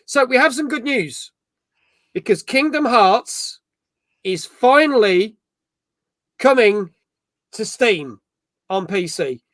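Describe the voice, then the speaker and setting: Chatty middle-aged Birmingham man, high voice. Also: animated, slow, pauses often, fairly bright tone, no echo. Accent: Birmingham English. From England. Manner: chatty, swears freely, laughs at himself. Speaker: podcast host. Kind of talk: casual gaming chat.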